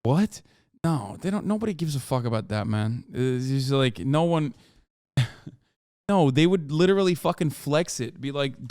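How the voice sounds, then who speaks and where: A male streamer talks politics in a blunt, argumentative way, swearing freely as he answers his chat. His voice sits a little high and comes through smooth and resonant. The sound is close and dry. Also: animated, moderate pace, a little mellow, no room sound. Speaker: livestreamer. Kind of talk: casual political commentary to chat.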